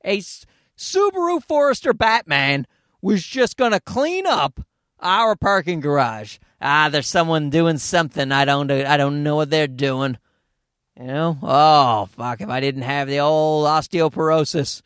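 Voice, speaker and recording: A man's voice: on the high side, a bit bright, dry recording, clean studio sound. A man hosting a podcast, rambling through a profane, comedic monologue full of tangents. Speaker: podcast host.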